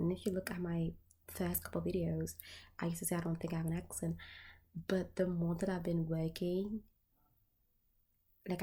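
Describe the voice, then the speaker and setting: A woman's voice: lowish voice, warm tone, husky. A woman tarot reader chatting casually to her viewers, candid and profane, full of filler words.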